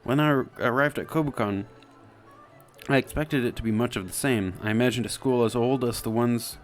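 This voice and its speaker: A man's voice: mid-range voice, brisk, soft background music, lightly acted. A man voicing a frail, genteel young woman student, speaking in a prim, formal, overly polite way. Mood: earnest.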